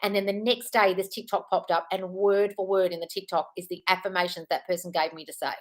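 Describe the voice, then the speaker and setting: A woman's voice: lowish voice, flat delivery, a little fast. A woman in her thirties hosting a casual live stream from home, answering viewer comments in a chatty, reassuring way, calling people darling and swearing now and then. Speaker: manifestation coach hosting a live Q&A.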